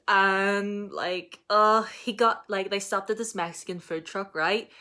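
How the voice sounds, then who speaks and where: A young woman chatting casually in a reading vlog, excitable and full of fillers and laughs. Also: medium pitch. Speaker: book vlogger.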